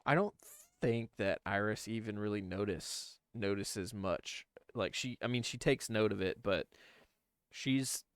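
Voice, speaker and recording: Smooth-voiced man, eager tabletop player. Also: on the low side, unhurried, dry recording. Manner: animated, eager telling of his character's actions. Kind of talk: casual tabletop play.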